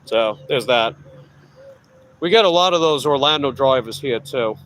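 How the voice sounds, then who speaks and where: A man's voice: medium pitch, animated, moderate pace, fairly bright tone, slight background noise, low-quality recording. A middle-aged man with a Long Island New York accent chatting casually with viewers while out on delivery, rambling and correcting himself. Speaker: delivery rider vlogger. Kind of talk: casual chat answering live viewers.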